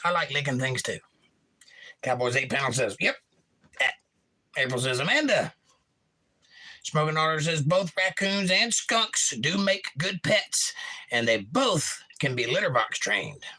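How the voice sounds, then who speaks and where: A man runs a laid-back evening livestream, reading viewers' comments aloud and riffing on them with playful jokes. His voice sits a little high for a man and sounds bright and forceful. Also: lively intonation, a little slow, poor audio. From Florida. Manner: jokey, reads chat aloud with goofy voices. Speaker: livestream host.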